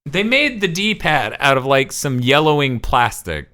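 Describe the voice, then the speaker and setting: Animated, profane man hosting a podcast. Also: mid-range voice, a little slow. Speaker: podcast co-host. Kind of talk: casual chat.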